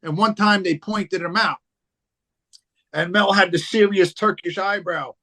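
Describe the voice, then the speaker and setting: A man tells stories in relaxed, profane chat. He rambles and circles back, with plenty of fillers between his thoughts. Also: high-pitched, measured pace. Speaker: podcast guest, rapper. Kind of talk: casual chat.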